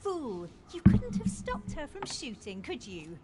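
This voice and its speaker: A woman's voice: high-pitched, huge pitch swings, a little slow, over loud music, exaggerated voice. An actress voicing a desperate, vengeful young woman's ghost in a video game, pleading and spiteful by turns. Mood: bitter.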